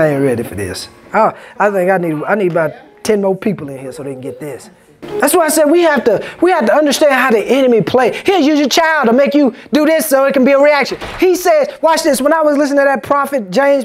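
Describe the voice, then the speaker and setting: Male pastor, preaching in a church, pitch rising and falling widely, call-and-response delivery. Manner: call-and-response, asks congregation "Amen?". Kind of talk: sermon. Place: church sanctuary.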